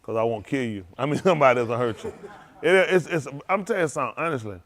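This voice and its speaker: A man's voice: medium pitch, lively intonation, fast, fairly bright tone. A man preaching in a folksy storytelling sermon, laughing often and repeating phrases as he acts out quotes. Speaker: pastor.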